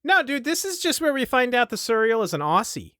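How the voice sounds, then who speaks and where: Male podcast co-host, playful jabs, animated delivery. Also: extremely high pitch, no room sound, clean studio sound. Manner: joking, teasing, quick interjections. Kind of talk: casual book discussion chat.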